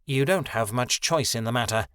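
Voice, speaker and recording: A proud, sharp-tongued griffin, a she-creature who talks curtly in a low, even voice, as a man reads her. It is a fantasy audiobook, recorded dry and close. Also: moderate pace, clear, resonant tone, no echo, lightly acted. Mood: curt, gruff.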